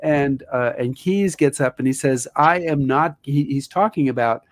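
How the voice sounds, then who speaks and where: A man co-hosting a history show, asking the guest direct, measured questions. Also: medium pitch, no echo. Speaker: podcast co-host. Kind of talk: interview questions.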